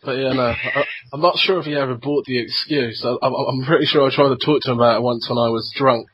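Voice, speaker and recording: A man's voice: mid-range voice, fast talker, background noise. A young adult man hosting a podcast, rambling through profane stories in casual chat. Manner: rambling and profane, tells anecdotes. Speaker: podcast host. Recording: dull lo-fi podcast recording.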